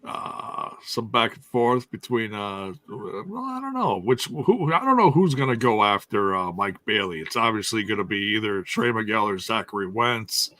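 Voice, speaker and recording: A man's voice: fairly low pitch, big pitch swings, moderate pace, few pauses, sharp tone, no echo. A man hosting a wrestling review podcast, chatting casually and jokingly with lots of fillers. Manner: joking, rambling, with frequent fillers. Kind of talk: casual chat.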